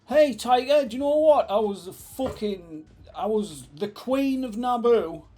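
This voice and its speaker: A man's voice: very high-pitched, expressive, unhurried, warm tone, soft background music. A man putting on a sassy, scolding impression of an indignant actress.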